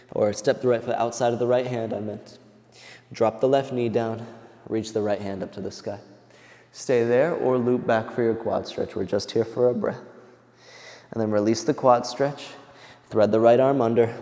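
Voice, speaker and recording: A man leads a yoga class as he works through the poses with his students, calmly counting each hold. He is out of breath from the effort. His voice is mellow and dark, with a long reverb trailing behind it. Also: mid-range voice. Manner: calm counting cues, moving along with the class. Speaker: yoga teacher.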